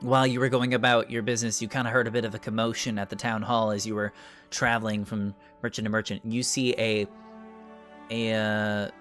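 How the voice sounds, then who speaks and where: A man narrating a tabletop game as dungeon master, in a casual, animated way with filler words. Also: lowish voice, a little fast, soft background music.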